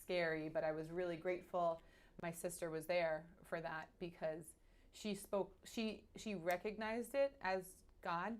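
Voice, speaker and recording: Lively New woman sharing her story. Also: lowish voice. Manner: animated, halting, with many restarts. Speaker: guest. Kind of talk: candid personal storytelling.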